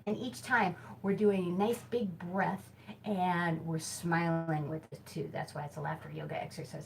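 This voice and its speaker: A woman's voice: lowish voice, normal speed, vocal fry, darkish tone, a little hiss or hum, rough recording. A woman casually teaching hula hoop exercises on camera in a small room, chatty and giggly, with lots of fillers. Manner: chatty, giggly, self-deprecating with many fillers. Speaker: hoop fitness instructor. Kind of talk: casual instructional video. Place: small temporary office space by a back door. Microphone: camera mic, moving around while hooping.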